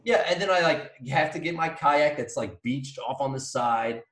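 A man co-hosting a podcast who tells a story excitedly in casual chat, swearing often and acting out his own yelling. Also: a little high, normal speed. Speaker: podcast co-host. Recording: roomy echo.

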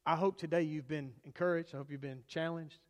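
A man preaching a sermon to a church congregation, swinging between loud emphasis and hushed, quiet lines. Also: on the high side, steady tone, fairly quick. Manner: preaching with dramatic swings from loud to hushed, acting out quoted voices. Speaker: pastor. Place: church sanctuary. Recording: long hall reverb.

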